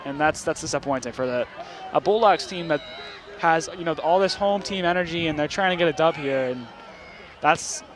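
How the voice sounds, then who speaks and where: A young man calls a high school football game play-by-play, his slightly high voice climbing with excitement on long runs. The crowd murmurs clearly behind him, and steady outdoor noise fills the stadium. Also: moderate pace. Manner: excited rising calls on big plays. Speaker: play-by-play commentator.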